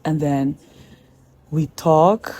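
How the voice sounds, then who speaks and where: Female guest, mellow voice, animated storyteller who quotes herself in conversation. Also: deep voice, drawn-out words.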